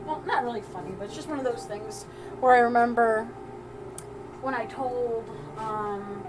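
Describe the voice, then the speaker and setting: Chatty high-voiced woman telling a story. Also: normal speed, background noise. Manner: chatty and rambling, with frequent laughs and restarts. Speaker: soapmaker hosting a live stream. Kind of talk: casual storytelling while crafting.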